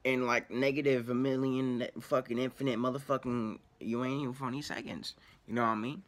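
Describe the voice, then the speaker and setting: A man's voice: mid-range voice, bright, forceful tone. A man telling a story casually, in rambling, profanity-heavy slang. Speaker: vlogger.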